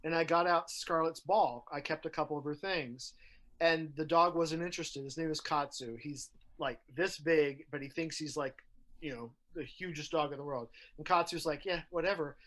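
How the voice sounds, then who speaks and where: A man's voice: on the high side, moderate pace, fairly bright tone. A man co-hosting a podcast, telling stories in a chatty way with many fillers. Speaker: podcast co-host. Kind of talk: casual chat.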